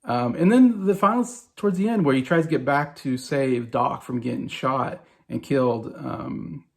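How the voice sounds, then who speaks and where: A man's voice: medium pitch, normal speed, creaky. A man in his forties talking casually and enthusiastically about favorite movies, rambling with many fillers and restarts. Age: 40s. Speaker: movie vlogger.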